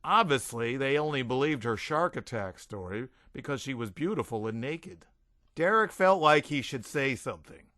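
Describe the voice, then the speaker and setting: A man reading a comic audiobook in a wry storytelling voice. His tone is bright and forceful with a lively pitch, recorded close and dry. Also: normal speed, dry recording. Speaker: audiobook reader. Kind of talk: comedic audiobook narration.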